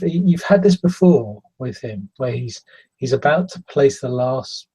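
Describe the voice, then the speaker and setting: A man narrating as game master in a tabletop role-playing game, halting and searching for words. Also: mid-range voice, warm tone, husky, rough recording.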